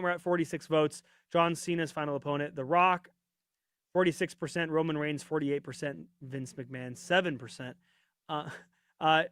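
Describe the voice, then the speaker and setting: A man's voice: on the high side, fairly bright tone, no room sound, studio quality. A man hosting a live wrestling watch-party podcast, chatting casually and rambling while reading out viewer comments, his voice getting worn. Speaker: podcast host. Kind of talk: casual live-stream chat.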